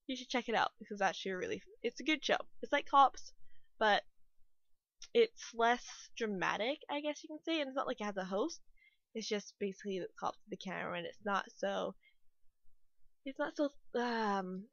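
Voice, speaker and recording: A woman's voice: medium pitch, no room sound, highs cut off. A young woman from Canada chatting casually as she rambles, with a lot of "like" and "you know". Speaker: YouTuber, restaurant worker. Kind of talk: casual chat over a speed build.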